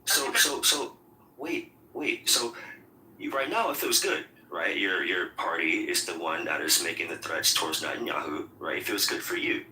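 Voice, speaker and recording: A man's voice: deep voice, animated, normal speed, sharp tone, reverberant, a little hiss or hum, low-quality recording. A man hosting a heated political debate, insistent and repeating himself as he tries to hold the floor. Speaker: room host.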